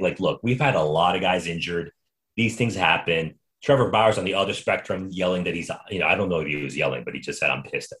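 A man hosting a casual sports podcast, telling stories in an animated, quick way with frequent restarts. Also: low-pitched. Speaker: podcast host.

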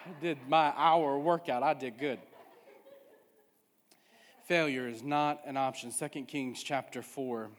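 A man preaches a sermon, pressing his points and circling back to the same refrain again and again. His voice sits fairly high for a man. The sound rings out with a long hall reverb. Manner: emphatic preaching with repeated refrains. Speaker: pastor.

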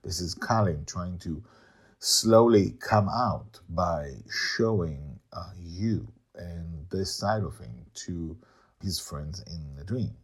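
A man's voice: sits low, slow pace, breathy edge. A man reading his serialized story aloud, breaking off for chatty asides full of uhs. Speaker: storyteller and podcast host.

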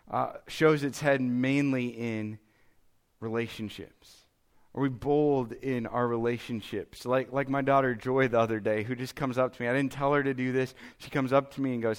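Pastor, man, 30s; casual conversational sermon delivery, average pitch. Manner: conversational, self-deprecating preaching with frequent "okay?" and "right?".

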